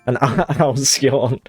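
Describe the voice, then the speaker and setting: A young man chats while he streams a game, rambling and apologetic, and his low voice swings widely in pitch. He laughs at himself as he goes. The recording is dry and close, with faint music playing underneath. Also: darkish tone, dry recording. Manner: rambling, self-conscious, apologetic, giggly asides.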